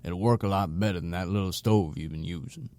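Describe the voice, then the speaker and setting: A man voicing a gruff, folksy older homeless man with a raspy Southern accent. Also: deep voice, a little fast, darkish tone, no echo. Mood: gruff advice.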